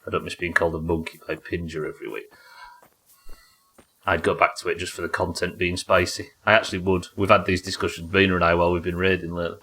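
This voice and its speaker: Deep-voiced man streaming a game. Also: little pitch movement, fast talker, a bit bright, husky. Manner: casual, profane, jokey; yelps high in tense fights. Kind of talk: live gameplay commentary.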